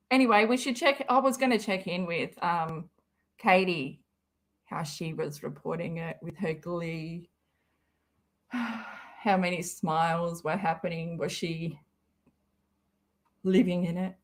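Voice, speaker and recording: A woman's voice: medium pitch, measured pace, long pauses. A young adult woman, chatting casually on a livestream, rambling, swearing often and laughing a lot. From Western Australia. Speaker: livestream host.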